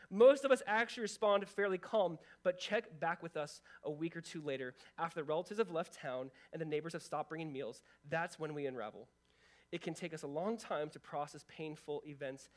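A man with a notably high voice delivers a sermon as pastor. His talk is earnest and casual, full of restarts and "like"s. He moves between hushed, low stretches and raised, emphatic ones. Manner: earnest, conversational preaching with many restarts and "like"s.

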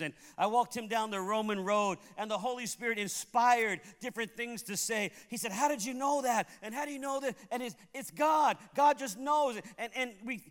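A high-voiced man from Puerto Rico preaches as a pastor, telling a story with lively delivery and acting out each person in it. The sound carries a long reverb from a large hall. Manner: animated, acts out the people in his story. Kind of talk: sermon storytelling.

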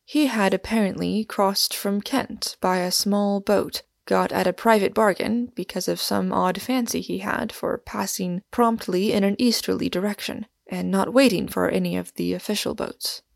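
A woman narrating a novel aloud in a measured, even storytelling manner. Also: medium pitch, vocal fry, no echo, studio quality. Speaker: audiobook reader.

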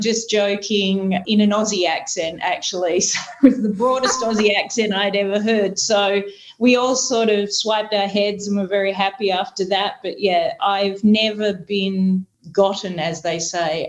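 A woman guest on a panel podcast, telling a relaxed story in a casual, conversational way. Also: medium pitch, moderate pace, poor audio. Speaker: panel guest, solution consultant.

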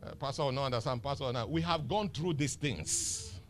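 A man's voice: medium pitch, a little fast, slight background noise. A male pastor preaching a sermon, emphatic and teasing, firing rhetorical questions at the congregation. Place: church.

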